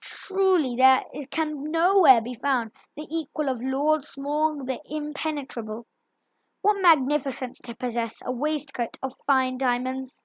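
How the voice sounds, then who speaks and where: A woman reading aloud, voicing a small male hobbit who speaks timidly and flatters. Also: sits high, unhurried, dry recording. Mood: flattering.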